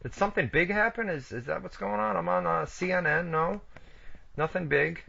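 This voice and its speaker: A man hosts an online wrestling radio show in casual, joking banter. His voice has a gravelly edge and a bright, forward tone. The sound is dull and lo-fi, like a streamed radio feed. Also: high-pitched, moderate pace. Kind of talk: casual chat.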